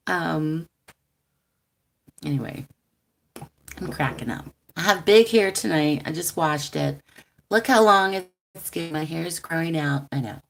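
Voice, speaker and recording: A woman chats on a live stream. She talks unhurriedly in a lowish voice, rambling with ums and laughing often. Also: lively intonation, slow pace, creaky, long pauses. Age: 40s. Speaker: tarot reader hosting a live stream. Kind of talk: casual rambling livestream chat.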